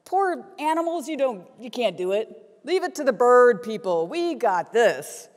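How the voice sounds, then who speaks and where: A woman's voice: a little high, big pitch swings, measured pace, darkish tone. A woman voicing a clever male crow who boasts in a scornful, self-assured way. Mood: cocky. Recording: long reverb of a conference hall.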